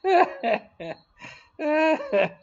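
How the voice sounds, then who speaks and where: A man's voice: very high-pitched, huge pitch swings, very slow, vocal fry. Guy hosting a live stream, joking with chat and laughing a lot, voice bounces all over, kinda dull lo-fi sound. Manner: jokey, laughs often, answers chat.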